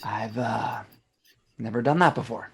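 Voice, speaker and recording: A man reading the part of a steady, awkward man rescuing a woman, in a calm, reassuring, slightly sheepish way. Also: a little high, normal speed. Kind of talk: amateur online script reading.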